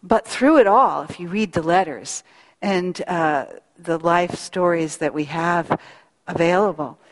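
Slow, earnest woman speaker in a hall. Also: lowish voice, animated. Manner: earnest, reflective, slow pauses. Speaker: spiritual speaker. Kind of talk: devotional talk with storytelling. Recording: long hall reverb.

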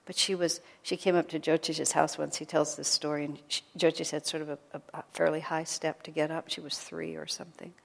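A woman gives an informal spiritual talk to a small group, in a gentle, conversational way that now and then sinks to a near whisper. Her voice sits a little low. Long reverb from the hall trails behind her words. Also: flat delivery, fairly quick, creaky, hardly any pauses. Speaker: spiritual teacher.

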